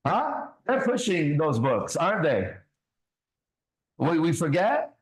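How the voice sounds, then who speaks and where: A man's voice: a little high, big pitch swings, takes it slowly, rough recording. A man hosting a ministry talk show, preaching bluntly with swearing and constant rhetorical questions.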